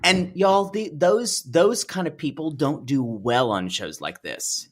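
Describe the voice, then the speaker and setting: A man's voice: a little high, animated, slow. A man co-hosting a podcast, rambling in casual chat about a reality show and laughing often. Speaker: podcast co-host.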